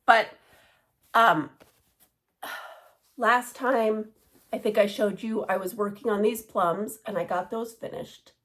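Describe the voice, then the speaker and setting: A woman's voice: medium pitch, slow, long pauses, fairly bright tone. A woman casually chatting about her cross-stitch projects, rambling with many fillers and side remarks. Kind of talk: casual show-and-tell chat.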